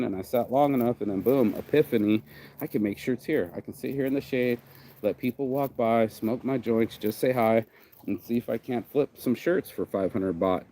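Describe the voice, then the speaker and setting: A man's voice: medium pitch, warm tone, a little hiss or hum, rough recording. A man hosting his own vlog, chatting casually and rambling outdoors by a beach, full of "bro" and "you know". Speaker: vlog host.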